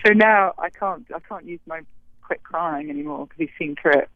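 A woman's voice: lowish voice, a little fast, no room sound. A woman actress, chatting in an interview about her show, self-deprecating and rambling with restarts, talking from a street. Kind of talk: casual interview chat. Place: outdoors on a street. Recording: tinny phone line.

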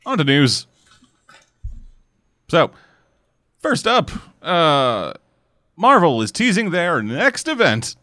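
A man co-hosting a casual podcast, quick and animated, jumping in with corrections. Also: fairly high pitch. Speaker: podcast co-host.

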